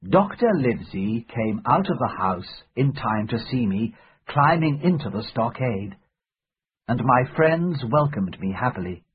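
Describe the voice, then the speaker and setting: A man with a husky, breathy voice reads an adventure story aloud at an unhurried pace. His pitch moves a lot, lifting and dropping through the sentences. The sound is thin and tinny, like a phone recording. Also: animated. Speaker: narrator. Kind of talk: scripted storybook narration.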